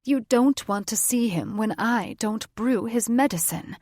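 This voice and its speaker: An anxious old grandmother witch from a fantasy audiobook, her voice lifted higher and louder than the narration. She sounds worried and fearful, with a gravelly edge. Dry studio sound. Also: lively intonation, unhurried, dry recording. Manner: fearful, sighing.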